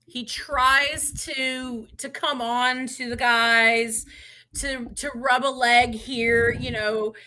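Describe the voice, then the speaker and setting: Slow-talking bright-voiced woman. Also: fairly high pitch. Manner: slow, relaxed storytelling with frequent restarts. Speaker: podcast co-host. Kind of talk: casual chat.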